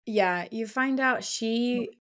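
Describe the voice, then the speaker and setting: A woman's voice: fairly high pitch, slow pace, a bit bright. A woman co-hosting a book podcast, chatting and reacting emotionally to the story. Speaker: podcast co-host. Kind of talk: casual book-club chat.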